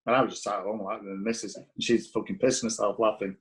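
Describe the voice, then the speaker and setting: On a low-quality recording, a man with a voice on the low side talks fast with flat delivery. Appearing as a guest, the former footballer spins casual anecdotes in a blunt, profane style, acting out quoted lines.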